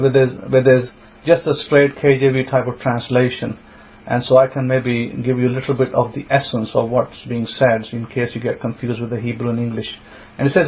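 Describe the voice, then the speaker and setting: Man teaching scripture, lo-fi sound. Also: medium pitch. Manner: reads verses aloud and explains them, thinking aloud. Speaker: rabbi.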